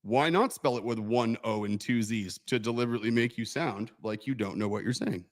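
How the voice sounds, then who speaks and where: A man's voice: medium pitch, fairly quick. A man co-hosting a livestream, joking around in a laid-back, casual way. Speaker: livestream co-host. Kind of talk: casual chat.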